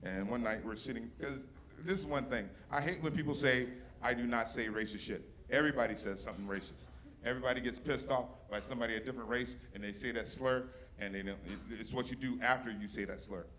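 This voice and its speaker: A man's voice: medium pitch, fast talker, a little hiss or hum. A man doing a stand-up set, teasing the audience with brash, profane crowd work. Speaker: stand-up comedian. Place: stage before a live audience. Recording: live show with loud audience laughter.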